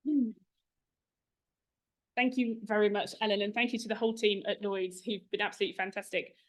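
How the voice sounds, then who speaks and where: A woman's voice: medium pitch, steady tone. Chatty woman giving event thanks. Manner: chatty, informal, rushing through thank-yous. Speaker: review chair giving closing thanks. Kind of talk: event speech. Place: event room at a launch.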